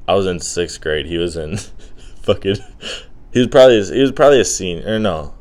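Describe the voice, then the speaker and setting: A man's voice: sits low, animated, fairly quick, a little mellow. A young man hosting a podcast, rambling through casual chat with crude jokes and lots of fillers.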